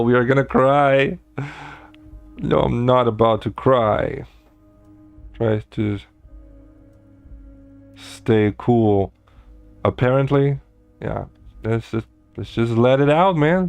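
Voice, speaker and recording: A man giving relaxed, wry commentary as he plays a video game, often talking to himself. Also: medium pitch, slow pace, vocal fry, long pauses, soft background music. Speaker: gamer streamer.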